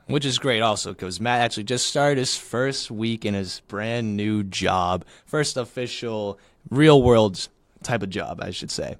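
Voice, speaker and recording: A young man co-hosts a casual podcast in an easygoing, joking way, and his voice sits low for a man. He sounds close to the mic, and the dry recording has no room around it. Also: a little slow, no room sound. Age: young adult. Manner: easygoing, laughs often, joking. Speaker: podcast co-host.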